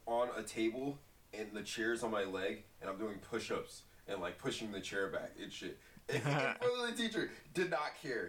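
A young man, a podcast guest, chatting casually and profanely, often quietly. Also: medium pitch, recorded from a distance, slight background noise, low-quality recording. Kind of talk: casual chat.

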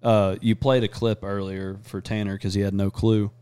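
A man hosting a podcast, chatting casually and crudely, rambling fast between jokes. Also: on the low side, level tone, mellow, smooth, no room sound. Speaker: podcast host. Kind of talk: casual chat.

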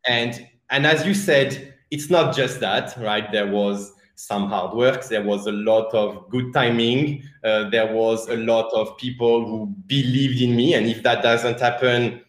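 A man with a French accent talks casually as an interview guest, laughing easily and circling back on his words. His voice sits at an average pitch and carries a noticeable room echo. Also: a little slow, hardly any pauses. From France. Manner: laughs often, many restarts and fillers. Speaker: guest, animation director. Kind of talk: casual conversation. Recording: roomy echo.

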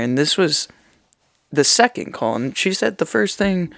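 A man's voice: fairly high pitch, unhurried, vocal fry, no room sound, clean studio sound. A man who works at a sandwich shop, chatting casually and acting out callers. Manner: animated, acts out callers. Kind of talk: casual chat.

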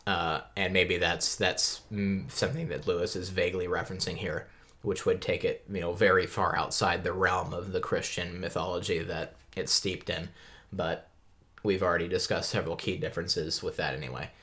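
Deep-voiced man musing aloud. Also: fairly even intonation, normal speed, bright, forceful tone. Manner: thoughtful, musing, laughs often. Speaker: podcast co-host. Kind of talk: casual book discussion.

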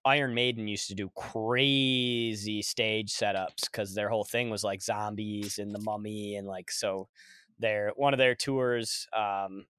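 A man's voice: fairly low pitch, fairly even intonation, unhurried, a bit bright, clear, resonant tone, no echo, clean studio sound. A young man hosting a podcast in casual chat, loose and profane. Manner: loose, profane, laid-back. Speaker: podcast host.

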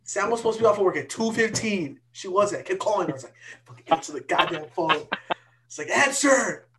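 Young male podcast host, fairly high voice, excitable and profane, acts out his own quotes loudly. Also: fast talker. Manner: excitable, profane storytelling with loud re-enacted quotes. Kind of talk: casual chat between friends.

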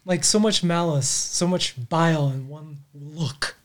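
A man's voice: a little high, unhurried. A man running a tabletop game as game master, describing scenes in a playful way.

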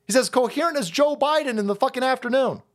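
A foul-mouthed man streaming a mocking political rant, laughing and swinging between loud jabs and low muttering. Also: fast talker.

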